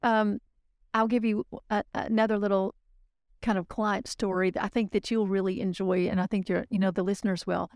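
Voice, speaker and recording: A woman guest on a podcast, telling client stories in a lively, casual way and acting out the voices of the people she quotes. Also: medium pitch, a little fast, no echo, studio quality. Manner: animated storyteller, acts out quoted voices. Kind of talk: casual interview storytelling.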